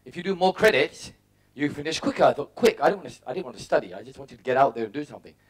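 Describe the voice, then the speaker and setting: Rapid-fire and sing-song, this husky, higher-pitched male voice belongs to a middle-aged English motivational speaker. He recounts personal stories and dramatizes his own thoughts in short, punchy outbursts.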